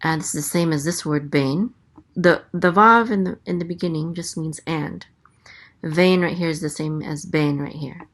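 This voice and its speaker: A woman teaching a language lesson, sounding out letters and vowels slowly and carefully, with frequent hesitations. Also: low voice. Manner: hesitant, many ums, slow careful sounding-out. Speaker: Hebrew teacher. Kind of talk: casual teaching, spelling out letters.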